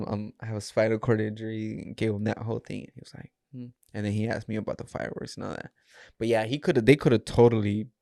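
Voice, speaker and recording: A man's voice: lowish voice, vocal fry, darkish tone, no room sound, clean studio sound. Casual man retelling a story. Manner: acts out quotes in raised voices, many fillers. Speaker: podcast co-host.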